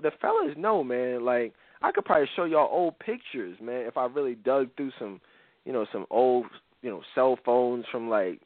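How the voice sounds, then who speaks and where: A man's voice: on the high side, no room sound. A man in his forties hosting a radio talk show, speaking bluntly in heavy slang with many restarts and asides. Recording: dry tinny phone-line radio sound.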